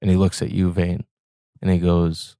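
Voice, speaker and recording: A man narrating a tabletop game as game master with slow, descriptive scene-setting. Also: deep voice, monotone, dark tone, no echo, clean studio sound.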